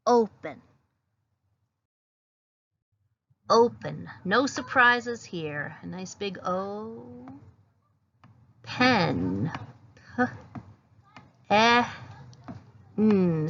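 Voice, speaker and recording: A woman's voice: medium pitch, a bit bright, muffled recording. A woman teacher giving a patient phonics lesson, sounding out each letter as she writes words.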